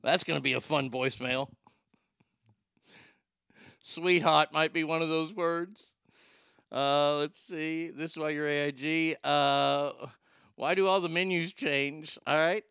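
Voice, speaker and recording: A man's voice: on the high side, steady tone, slow, creaky, long pauses, fairly bright tone, clear, resonant tone, no room sound. A man hosting a comedy show, talking casually in a sarcastic, profane, rambling way. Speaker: host.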